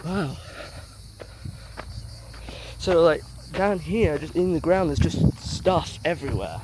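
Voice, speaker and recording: A man in a casual travel vlog, chatting excitedly as he explores underground ruins and caves. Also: a little high, takes it slowly, background noise. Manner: chatty, excitable, jumpy about bugs. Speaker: travel vlogger.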